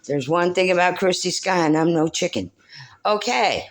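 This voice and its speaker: Speaking at a normal speed in a lowish, animated voice, this older Portland, Oregon woman rambles into her phone for her vlog. Emotional and preachy, she shifts between quiet and loud while delivering a spiritual monologue, pausing to baby-talk her dog.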